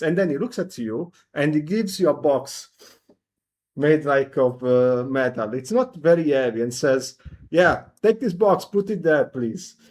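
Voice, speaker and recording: A man voicing a fussy male quartermaster who complains and gives orders, a little higher and louder than his own voice. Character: grumbling male ship quartermaster.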